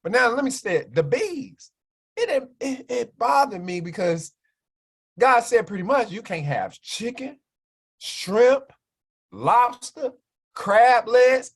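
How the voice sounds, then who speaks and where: Animated preachy man. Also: extremely high pitch, takes it slowly, slightly rough. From Chicago, USA. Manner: animated, keeps asking "right?" for agreement. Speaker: minister and wellness speaker on a livestream. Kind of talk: preachy health talk to a live chat.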